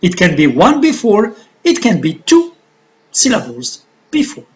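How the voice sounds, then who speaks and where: A woman with an Algerian accent teaching a recorded English pronunciation lesson, speaking deliberately and repeating words for drilling. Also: mid-range voice, huge pitch swings, a little mellow, dull audio.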